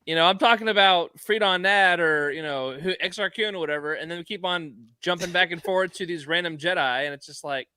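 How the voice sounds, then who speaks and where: A man on a podcast panel chatting casually in a relaxed, conversational way. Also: high-pitched, a little fast, few pauses, clean tone, no echo. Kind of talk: casual roundtable chat.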